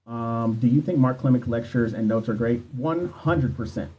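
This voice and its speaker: Warm and mid-range, his voice moves at a normal speed over lo-fi phone livestream audio. He's a man in his thirties who coaches for nursing exams, answering viewer questions with casual, profane candor aimed right at his audience.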